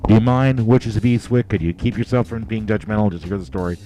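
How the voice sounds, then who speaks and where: A deep-voiced man co-hosting a loose, profane talk show. His tone is dark and mellow as he tells a story and throws himself into the voices of the people in it. Faint music plays beneath him. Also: fast. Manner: crude, swears freely. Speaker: podcast co-host. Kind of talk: casual storytelling chat.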